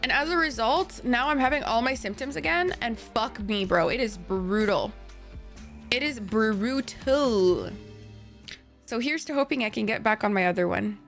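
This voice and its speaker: A woman's voice: fairly high pitch, fairly quick, vocal fry, hardly any pauses, fairly bright tone, faint music behind. A young woman streaming a game and chatting with viewers, bubbly and apologetic, swearing freely and sniffling from sinus trouble. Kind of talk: casual live-stream chat.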